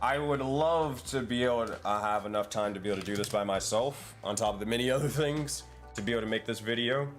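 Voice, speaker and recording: A man's voice: mid-range voice, quick pace, few pauses, soft background music. A man leading a community project, chatting casually in an online meeting and thinking aloud with lots of fillers. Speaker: community project lead and dungeon master. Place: online voice call.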